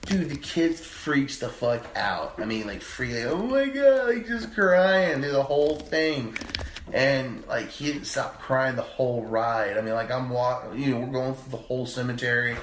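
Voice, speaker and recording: A man in his thirties tells a rambling, swear-laden story on a podcast. His voice sits at an ordinary pitch and jumps up when he quotes people. The room rings with echo under a faint hiss. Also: normal speed. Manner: rambling, profane, animated when quoting others. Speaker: podcast co-host. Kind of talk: casual storytelling chat. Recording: echoey room with faint noise.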